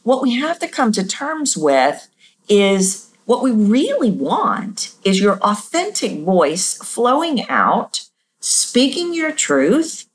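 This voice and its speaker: A middle-aged woman hosting a podcast, coaching on voice in a casual teaching monologue and jumping her pitch to act out examples.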